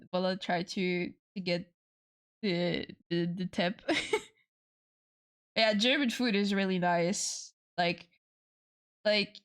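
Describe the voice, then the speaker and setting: A woman's voice: medium pitch, smooth. A young woman from France, chatting casually with viewers on a livestream, playful and swearing freely. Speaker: streamer.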